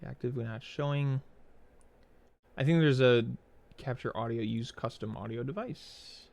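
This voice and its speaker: A man's voice: mid-range voice, moderate pace, creaky, a little mellow. A young man streaming a game, chatting casually in a rambling, profane way full of "like" fillers. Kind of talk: casual chat while setting up a game stream.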